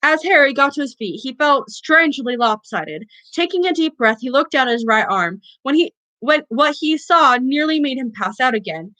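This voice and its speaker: Bright-voiced woman reading aloud. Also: high voice, lively intonation, normal speed, few pauses, low-quality recording. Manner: reads with slips and self-corrections. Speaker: book club reader.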